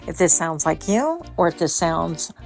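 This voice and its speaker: A woman's voice: lowish voice, unhurried, gravelly, faint music behind. Chatty woman giving a tarot reading. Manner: chatty, animated, playful asides. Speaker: tarot reader. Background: small dog noises.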